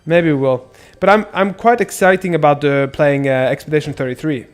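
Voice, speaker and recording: A man streaming a game live, chatting casually with viewers, excitable and swearing often. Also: on the high side, a little fast, clean tone, faint music behind.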